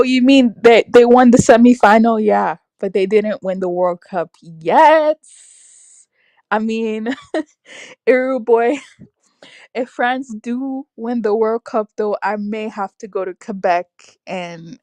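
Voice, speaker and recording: A young woman hosting a casual livestream, reacting aloud to her chat with lively, exclamatory talk. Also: a little high, dry recording. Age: young adult. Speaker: livestream host reading chat. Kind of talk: casual live-stream chat.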